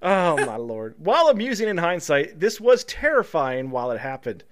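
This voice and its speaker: A man's voice: on the high side, sing-song, moderate pace. A man co-hosting a casual comedy podcast, reading news stories aloud and breaking off to joke and laugh. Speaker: podcast co-host.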